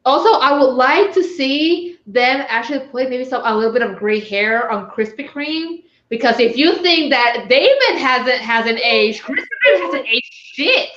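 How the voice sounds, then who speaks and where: A playful woman joining a casual chat, repeating her words as she starts a thought. Her slightly high voice comes through a roomy, somewhat dull remote connection. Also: lively intonation, unhurried, hardly any pauses, fairly bright tone. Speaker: guest.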